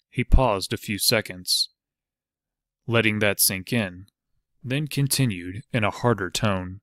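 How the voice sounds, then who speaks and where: A male audiobook narrator reads an adventure novel aloud in a steady, measured storytelling style. His voice is on the low side, and the recording is clean studio sound with no room echo.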